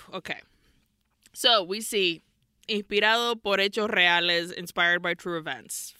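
A woman's voice: fairly low pitch, steady tone, measured pace, bright, forceful tone, clear, resonant tone, no echo, clean studio sound. A woman co-hosting a podcast, retelling a film scene by scene in a candid, casual way. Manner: candid, retelling scenes in detail with nervous laughs. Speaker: podcast co-host. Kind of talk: casual movie recap chat.

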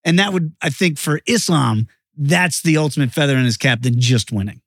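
A man talking as a guest analyst in a casual sports betting chat, animated and emphatic. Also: mid-range voice, brisk, no room sound.

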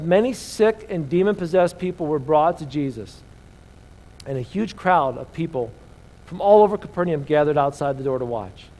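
A man preaching a sermon, reading scripture and asking the room rhetorical questions, his voice swelling and dropping. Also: on the high side. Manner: rises and drops in loudness, rhetorical questions. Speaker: pastor. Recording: long hall reverb.

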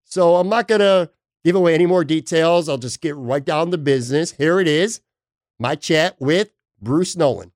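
A man's voice: on the high side, normal speed. A man hosting a sports podcast, talking in a blunt, emphatic, casual way with the odd swear word. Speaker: podcast host.

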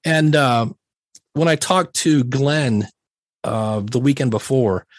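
A man's voice: mid-range voice, slow, no room sound. A middle-aged man talking candidly as a podcast guest, telling stories in a self-deprecating way with many restarts. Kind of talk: casual interview chat.

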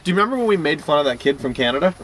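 A man's voice: a little high, big pitch swings, rapid-fire, a bit bright, poor audio. A man co-hosting a casual podcast outdoors on a golf course, talkative and joking. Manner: talkative, jokey, interrupts himself. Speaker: podcast co-host. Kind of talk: casual chat. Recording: faint outdoor noise.

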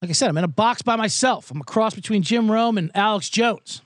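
Speaking briskly in a high-sitting voice, a man hosts his live sports betting podcast solo from a small booth. His casual talk rambles and is full of profanity and self-mockery. It's studio quality with no room sound, recorded on a studio mic.

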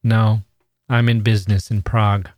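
A man voicing a strained, remorseful father with a low, dry voice, read aloud in a story. He talks in an earnest, slightly raised way, close to the microphone with no room sound. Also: little pitch movement, moderate pace, darkish tone, dry recording, natural voice. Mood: subdued. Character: tense remorseful middle-aged father, pleading.

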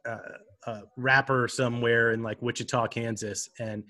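Easygoing man with a bright voice. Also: medium pitch, level tone, moderate pace. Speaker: podcast co-host. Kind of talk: casual comedic news chat.

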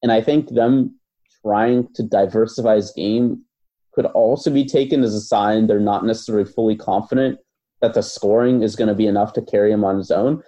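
Man with a dark, low voice. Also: steady tone, fairly quick. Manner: thoughtful, hedging, many fillers. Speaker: basketball podcast co-host. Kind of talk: casual analytical chat.

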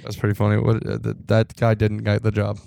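A man's voice: fairly low pitch, monotone, brisk, gravelly, dark tone, no room sound. A young man co-hosting a podcast, trading crude wisecracks in casual chat. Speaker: podcast co-host.

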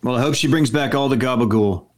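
A laid-back man, co-hosting a podcast in easygoing banter. His voice sits at a middle pitch and he tells stories at length. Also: fast, a little hiss or hum. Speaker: podcast co-host. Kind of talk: casual chat.

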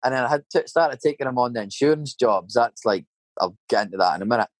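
A man's voice: mid-range voice, expressive, quick pace, no room sound. A middle-aged Scottish man with a Scottish accent, rambling through casual anecdotes full of swearing and tag questions. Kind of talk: casual storytelling chat.

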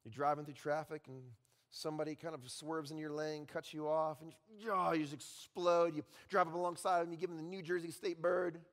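A man's voice: on the high side, level tone, brisk, long reverb tail. A man in his thirties preaching a sermon, telling a story and checking in with the crowd, with okay and all right. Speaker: pastor.

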